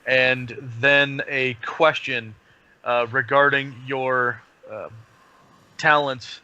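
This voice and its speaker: Man, tabletop player, bright voice, deliberate, halting. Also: medium pitch, fairly even intonation, clean tone, lo-fi sound. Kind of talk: tabletop game play.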